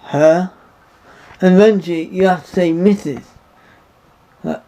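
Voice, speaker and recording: A man's voice: high voice, unhurried, pauses often, warm tone. A man giving a rambling, indignant opinion monologue to camera. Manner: rambling, repeats himself, indignant. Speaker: vlogger. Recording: dull lo-fi recording.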